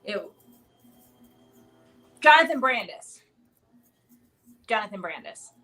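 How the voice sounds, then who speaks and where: A woman's voice: medium pitch, sing-song, slow, sharp tone, faint music behind. A woman in her thirties hosting a casual livestream, chatty and rambling, with lots of fillers. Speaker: livestream host. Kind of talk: casual live chat.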